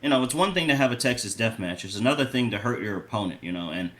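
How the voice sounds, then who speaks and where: A man co-hosting a podcast, casually giving his opinions and ratings in a relaxed way, with lots of "like" and "you know". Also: fairly low pitch, quick pace. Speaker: podcast co-host. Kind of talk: casual review chat.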